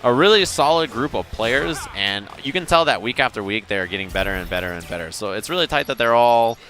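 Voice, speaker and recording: Male esports caster, animated pitch, joking banter, loud music behind at the venue. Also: fairly quick. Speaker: esports commentator. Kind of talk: live fighting game commentary.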